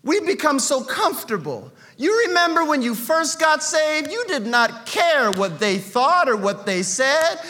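A man preaching a sermon in a church, fervent and shouting at times, acting out what people say. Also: very high voice, very animated, unhurried, hardly any pauses. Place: church sanctuary.

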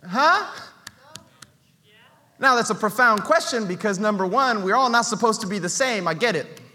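A man preaching a sermon in a church, fervent and shouting at times, acting out what people say. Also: high-pitched, expressive, normal speed. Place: church sanctuary.

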